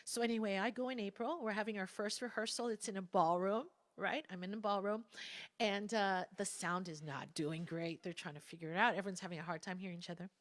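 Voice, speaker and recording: A middle-aged woman giving a heartfelt personal testimony at a spiritual service, now and then dropping to a soft whisper when she quotes others. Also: mid-range voice, fairly even intonation, fast talker, hardly any pauses, dry recording. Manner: earnest storytelling, drops to soft whispers for quotes. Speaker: guest speaker at a spiritual service. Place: church sanctuary.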